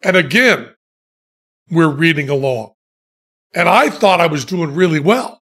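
A man telling funny stories in casual chat, deadpan and self-mocking, laughing at his own jokes. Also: fairly high pitch, unhurried. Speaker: podcast guest telling stories.

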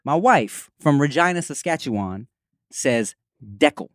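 A man's voice: medium pitch, big pitch swings, brisk, no room sound, clean studio sound. A man with a Los Angeles accent, hosting a casual chat in a slangy, laid-back way. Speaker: podcast host.

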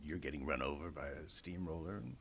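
A man's voice: low-pitched, sing-song, moderate pace. A man, a guest actor in a conversational interview, telling stories animatedly, acting out quotes and laughing often.

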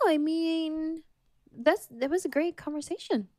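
A young adult woman telling stories as a podcast guest, animated and acting out quotes with frequent laughter. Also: high voice, unhurried, no room sound, clean studio sound. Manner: animated storyteller, acts out quotes, laughs often. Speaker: guest author. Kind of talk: casual storytelling in a podcast interview.

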